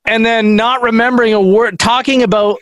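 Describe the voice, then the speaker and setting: A man's voice: very high voice, fairly even intonation, brisk, a bit bright, no room sound. A man co-hosting a podcast, teasing his friend and pressing him with questions in casual chat. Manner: teasing, asks probing questions. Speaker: podcast co-host.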